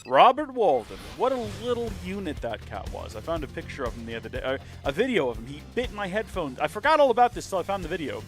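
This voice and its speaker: A male game streamer who rambles through casual commentary, joking at his own expense. His pitch sits slightly high and bounces around a lot. Faint music plays behind him. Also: big pitch swings, fast talker, hardly any pauses. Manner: rambling, jokey and self-mocking. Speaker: let's play streamer.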